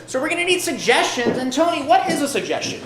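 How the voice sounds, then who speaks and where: A woman's voice: high-pitched, very animated, fast talker. Woman hosting a live improv show. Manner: upbeat, calling out to the audience. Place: theatre stage with live audience. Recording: echoey theatre with crowd noise.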